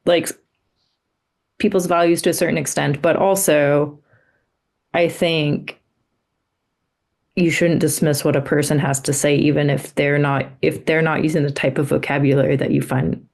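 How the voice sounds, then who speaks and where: A woman's voice: low voice, steady tone, moderate pace, vocal fry, pauses often, darkish tone. A young woman researcher being interviewed, talking thoughtfully and tentatively, with frequent "like". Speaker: researcher guest. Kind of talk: conversational interview.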